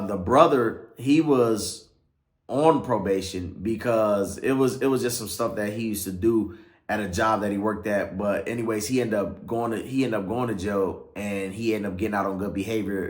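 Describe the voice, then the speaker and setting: A pastor speaks in a somewhat low voice, recounting his past in a relaxed, slangy way. He tags his sentences with "right?" and "or whatever like that." His voice bounces around an echoey room. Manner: loose, slangy, keeps asking "right?" and trailing off with "or whatever like that". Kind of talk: casual testimony storytelling.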